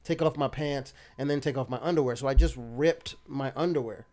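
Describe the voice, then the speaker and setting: A man's voice: mid-range voice, a little fast. A man guesting on a comedy podcast, telling a rambling story and swearing a lot. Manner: rambling, animated, laughs through his story, swears a lot.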